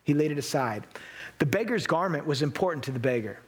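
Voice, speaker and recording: A man's voice: on the high side, animated, fast talker, breathy edge. A man delivering a sermon, his voice sitting a little above the usual male range. He preaches earnestly and with emphasis, bringing Bible scenes to life as he tells them. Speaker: pastor.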